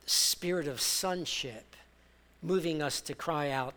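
High, bright-voiced preacher with hall echo. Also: male voice, unhurried. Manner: impassioned preaching that swells from soft to loud; leads the congregation in call-and-response. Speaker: pastor. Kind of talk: sermon. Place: church sanctuary.

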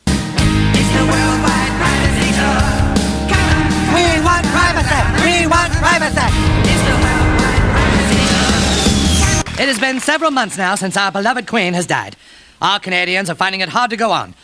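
An actor voicing a high, chirpy cartoon man who hosts a mock television show, played as a clip. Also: expressive, normal speed, pauses often. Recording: clip with music and crowd behind.

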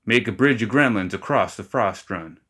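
A man voicing a booming, commanding male gremlin voodoo priest in a fantasy audiobook story. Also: animated, moderate pace, pushed and bright.

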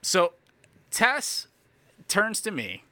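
A man's voice: high voice, huge pitch swings, very slow, pushed and bright, dry recording. A man in his thirties co-hosting a podcast, chatting casually with self-deprecating jokes. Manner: joking, self-deprecating, hams up silly mock accents. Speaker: podcast co-host. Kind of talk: casual chat.

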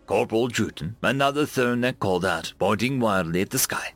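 A man reading a military science fiction story aloud, narrating with a dramatic, lively delivery. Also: on the low side, a little fast, few pauses, dry recording, soft background music. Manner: lively, dramatic reading with raised voices for dialogue. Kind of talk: scripted sci-fi story narration.

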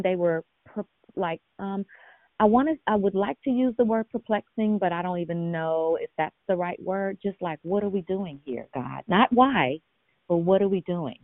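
A woman's voice: medium pitch, no echo. A woman preaches over a conference call, speaking earnestly and directly with rhetorical questions and frequent restarts. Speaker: minister leading a prayer call. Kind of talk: conversational sermon on a call. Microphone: phone or conference call. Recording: tinny phone line.

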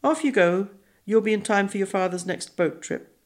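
A woman reading an audiobook, voicing a brisk, kindly middle-aged British stepmother. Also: mid-range voice, a little mellow, lightly acted.

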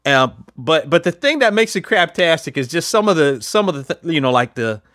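A man's voice: fairly high pitch, sing-song, brisk, a bit bright, dry recording, studio quality. A man casually chatting as a podcast host, rambling with lots of fillers and restarts. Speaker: podcast host reviewing films. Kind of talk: casual chat.

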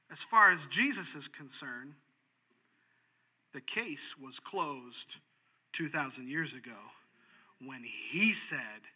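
With a high-pitched voice at a moderate pace, a male pastor delivers a lively sermon. He shifts from forceful, booming statements down to soft, hushed passages.

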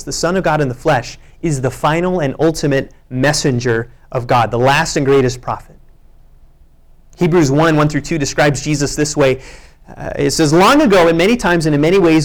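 A man preaching a sermon, reading scripture aloud with earnest emphasis. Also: on the high side. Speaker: pastor.

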